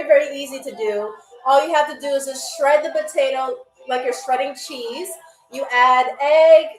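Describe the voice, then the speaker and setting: A woman hosting a live stream as a playful flight attendant, chatty and animated, calling viewers y'all. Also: high voice, distant mic. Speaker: host playing a flight attendant on a live game show. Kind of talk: playful live-stream role-play as stewardess. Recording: echoey room, off-mic, faint music.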